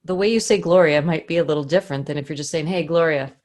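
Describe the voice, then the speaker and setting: Female vocal coach with a lowish voice, animated teaching delivery, acts out examples. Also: very fast. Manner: animated, acts out scenes to illustrate. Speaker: singing coach. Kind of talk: online vocal lesson.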